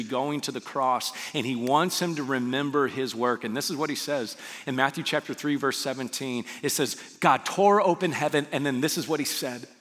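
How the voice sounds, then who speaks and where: A man's voice: mid-range voice, a bit bright. A man preaching as a pastor, talking to his listeners conversationally and asking them rhetorical questions. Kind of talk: sermon. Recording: long hall reverb.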